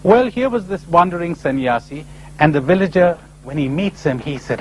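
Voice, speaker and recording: Animated man telling parables, old tape. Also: fairly quick, a little hiss or hum, poor audio. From India. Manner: animated storyteller, voices characters with sudden high pitch jumps. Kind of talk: spiritual lecture with storytelling.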